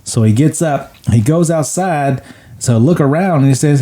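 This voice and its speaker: A man's voice: a little high, normal speed, warm tone. A man co-hosting a podcast, recapping a movie plot in casual chat and acting out the characters' lines. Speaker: podcast co-host.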